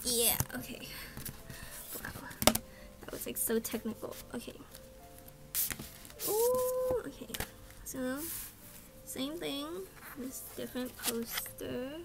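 A young woman vlogger chatting casually through an unboxing, gasping and squealing with excitement. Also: sits high, slow, vocal fry, pauses often. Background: background music.

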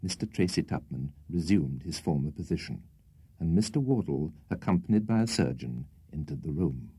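Man narrating a storybook, dark mellow tone, really lively up and down. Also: rumbling low, moderate pace, slightly rough, no echo. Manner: expressive, theatrical. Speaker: audiobook reader.

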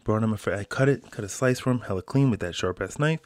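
A man's voice: lowish voice, fast talker, dry recording, clean studio sound. A man hosting a solo podcast, ranting in a casual, slangy way and calling people bro. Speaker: podcast host. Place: home, quarantine.

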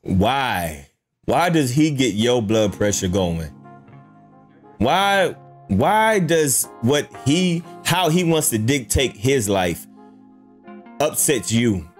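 A man's voice: mid-range voice, very animated, takes it slowly, soft background music. A man hosting a YouTube reaction, talking casually and incredulously, firing off rhetorical questions.

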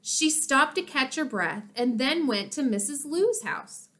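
A woman narrates a children's chapter book in an expressive storytelling way. Her voice is fairly high and very lively in pitch, and she reads at a slow, deliberate pace. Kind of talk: children's audiobook reading.

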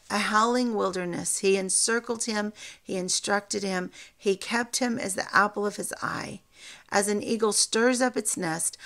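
A woman teaching from scripture, reading verses slowly and deliberately and becoming emotional at times. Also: medium pitch, fairly bright tone. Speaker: Bible teacher.

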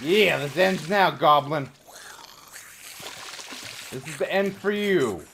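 A man from Canada doing excitable let's-play commentary, trash-talking the enemies he fights and rambling into jokes. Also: a little high, slow, vocal fry, noisy background. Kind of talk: live gameplay commentary. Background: game music.

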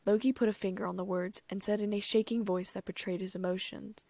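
A woman narrates a fan fiction audiobook in a steady reading voice. Her delivery is flat, with a slightly gravelly edge, and the recording is close and dry. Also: medium pitch, fairly quick, few pauses, dry recording. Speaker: audiobook reader.

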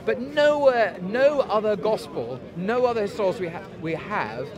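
A man's voice: high voice, lively intonation, unhurried. A man debating in a heated street discussion, earnest and insistent, hammering his points by repeating them. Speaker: debater at a public speakers' corner. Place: outdoors in a city park. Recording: outdoor recording with crowd chatter. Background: crowd chatter and passing traffic.

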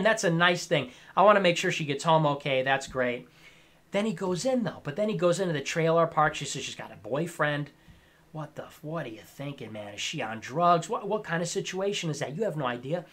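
Emphatic, high-voiced male streamer ranting. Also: pushed and bright. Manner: emphatic, lecturing, repeats his points. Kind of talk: ranting live-stream commentary.

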